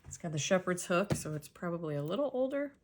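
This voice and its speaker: A woman casually narrating a jewelry unboxing, soft-spoken and sometimes dropping to a whisper as she examines pieces. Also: fairly low pitch, very animated, fast talker, a little hiss or hum. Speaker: jewelry reseller.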